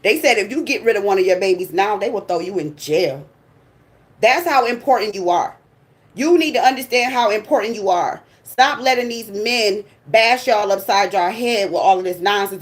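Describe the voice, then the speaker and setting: A blunt, sassy woman delivers a profane, fired-up rant straight to her viewers. Her voice sits on the high side, and she sounds like a tarot channel host talking casually to camera. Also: expressive, moderate pace, pauses often. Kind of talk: casual ranting monologue.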